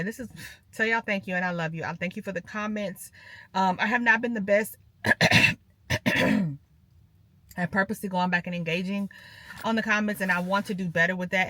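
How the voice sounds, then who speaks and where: A woman's voice: medium pitch, sharp tone, no room sound. A woman chatting casually to her viewers from her parked car, rambling and calling them "girl" and "y'all". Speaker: lifestyle vlogger.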